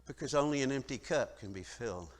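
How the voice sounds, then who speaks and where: A minister preaching a sermon, swinging from loud, dramatic declaring to quiet, reflective lines. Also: male voice, mid-range voice, lively intonation, a little fast. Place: church sanctuary. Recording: long church reverb.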